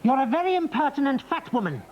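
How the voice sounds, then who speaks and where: A man's voice: extremely high pitch, very animated, fast talker, heavy background noise. An actor playing a vain, self-important older male dance tutor who boasts grandly in a children's TV comedy sketch. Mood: haughty. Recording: dull lo-fi TV audio.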